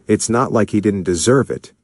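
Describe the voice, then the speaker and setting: A man voicing a furious, grieving young male speedster who shouts and seethes. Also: fairly low pitch, expressive, moderate pace, no room sound, clean studio sound.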